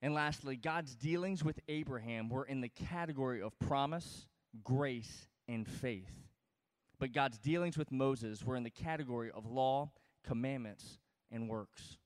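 A man's voice: medium pitch, measured pace, big-room sound. A man teaching scripture as a pastor, emphatic and conversational, often checking in with his listeners. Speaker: pastor teaching a Bible study. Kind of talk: expository sermon.

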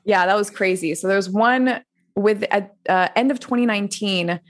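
A woman's voice: mid-range voice, normal speed. Woman in her twenties rambling through her life story on a podcast, laughs a lot, keeps restarting. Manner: rambling, animated, laughs often, many restarts. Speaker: podcast guest, coach. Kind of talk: casual interview storytelling.

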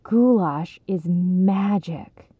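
A woman voicing an excitable, dramatic young boy in a storybook reading, with emphatic, breathless exclamations. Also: on the low side, extremely slow, husky, no room sound, heavily acted. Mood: reverent. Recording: tinny phone-like sound, dry.

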